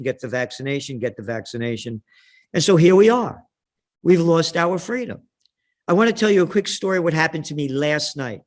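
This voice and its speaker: Animated, ranting New man. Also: a little high. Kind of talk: heated monologue and storytelling.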